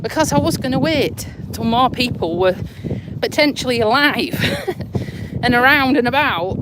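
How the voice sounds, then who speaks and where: A woman's voice: a little high, expressive, normal speed. A woman chatting bluntly in a live vlog while out walking, a little out of breath. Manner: chatty, blunt, swears casually. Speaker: vlogger. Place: outdoors on a windy walk. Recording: noisy outdoor phone recording with wind.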